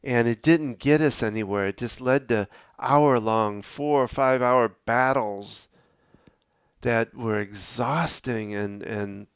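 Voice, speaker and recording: Earnest middle-aged man, smooth dry voice. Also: mid-range voice, dry recording. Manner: halting, with frequent restarts and fillers; earnest, advice-giving. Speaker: podcast host. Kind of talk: reflective podcast talk.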